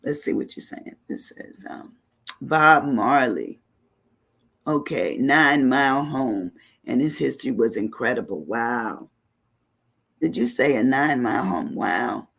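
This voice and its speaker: A woman's voice: very deep voice, animated, a little slow, gravelly, a bit bright, breathy edge. A woman hosting an online talk show, chatting casually and reflectively as she reads viewer comments aloud, with many "you know" asides.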